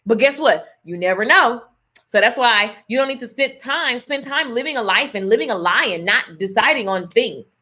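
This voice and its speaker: A woman delivers a casual, emphatic motivational talk, sprinkling in pet names like darling and honey. Her voice sits high and sounds bright and clear. She keeps a preachy, church-flavored tone throughout. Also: animated, moderate pace. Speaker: motivational speaker on a live stream.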